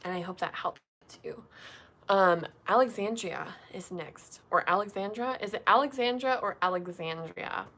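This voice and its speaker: Chatty young woman with a bright voice. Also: medium pitch, moderate pace. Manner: chatty, lots of fillers like 'um' and 'like'. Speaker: tarot reader doing live card pulls. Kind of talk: casual livestream chat.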